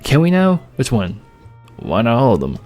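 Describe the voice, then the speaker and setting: A man's voice: lowish voice, lively intonation, normal speed, darkish tone, soft background music. A man reading as Violet, a sweet cheerful baker girl. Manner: playful, enthusiastic, polite.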